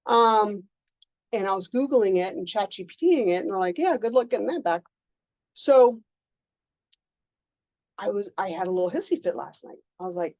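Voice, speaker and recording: Lady coach talking to a group on a call, lively, acts out her inner voice, dry muffled sound. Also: medium pitch, moderate pace, long pauses, no room sound. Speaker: mindset coach. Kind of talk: casual workshop lecture.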